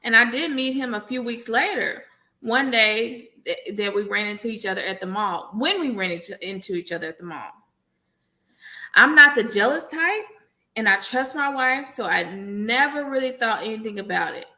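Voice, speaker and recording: Woman reading a letter out on a live panel, bright crisp voice, jokes in between. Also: a little high, animated, normal speed. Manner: adds playful asides while reading. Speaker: educator.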